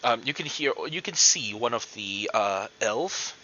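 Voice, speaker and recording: A man's voice: medium pitch, animated, a little slow, pushed and bright, dull audio, a little hiss or hum. A man narrating as game master, describing scenes and calling for checks, with many fillers and restarts.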